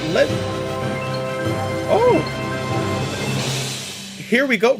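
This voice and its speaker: A man live-streaming a video game, chatting casually with viewers, exclaiming at the graphics and apologizing for hiccups. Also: high-pitched.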